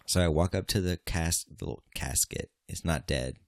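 A man's voice: low voice, normal speed, few pauses, dry recording, studio quality. A man hosting a casual podcast, joking and swearing, with sudden mock-angry outbursts. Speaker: podcast host.

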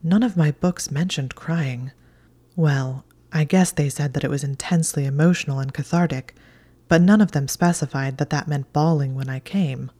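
A woman voicing an anxious, bookish young witch in a soft, breathy half-whisper, as whispered role-play. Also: deep voice, normal speed. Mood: earnest.

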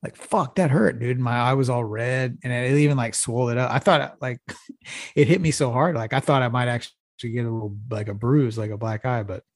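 A man's voice: mid-range voice, brisk, no echo, studio quality. Laid-back, profane middle-aged man from Texas. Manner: profane, laid-back storytelling with frequent laughs. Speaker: podcast co-host. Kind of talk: casual storytelling chat.

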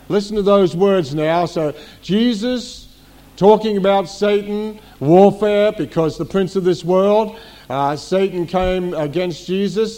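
A man's voice: high-pitched, a little slow, dark tone. A middle-aged man, senior pastor of a church, preaching a teaching sermon to a congregation, repeating key phrases and asking rhetorical questions.

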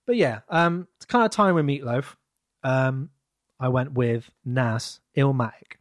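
An upbeat man chatting casually on a podcast and joking with his co-host. His pitch is average, and the recording is close and dry. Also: measured pace, no echo. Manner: enthusiastic, joking. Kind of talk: casual chat.

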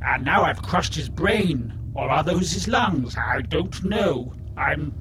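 A man's voice: fairly high pitch, expressive, slow, fairly bright tone. A man playing an overworked, tired male alien doctor with tendrils, apologetic and matter-of-fact. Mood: sheepish.

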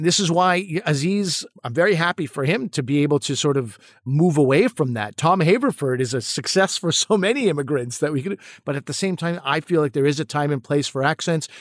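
A middle-aged actor-comedian co-hosts a podcast, speaking earnestly and animatedly in a casual discussion and often repeating words while gathering his thoughts. His pitch is fairly high. The recording is dry, with clean studio sound.

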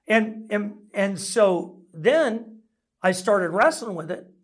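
A man's voice: high voice, lively intonation, slow pace. A middle-aged man preaching a sermon as a pastor, telling stories in a conversational, self-deprecating way.

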